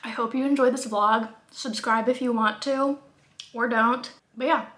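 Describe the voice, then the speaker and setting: Bright chatty young woman vlogging. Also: on the high side, fairly even intonation, moderate pace. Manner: chatty, many "like" fillers, laughs while talking; talking while eating. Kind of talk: casual vlog talk to camera. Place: at home.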